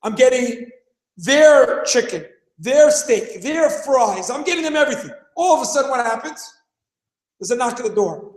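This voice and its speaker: A man's voice: extremely high pitch, animated, moderate pace, reverberant, rough recording. A man in his thirties teaching a class, who keeps firing rhetorical questions, acts out scenes and raises his voice for emphasis. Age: 30s. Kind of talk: animated classroom lesson.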